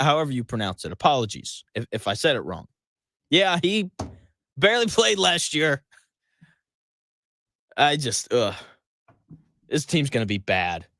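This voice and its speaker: High-voiced sarcastic sports radio host. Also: male voice, a bit bright, no echo, studio quality. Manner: sarcastic, exasperated, laughs often. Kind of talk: sports talk monologue.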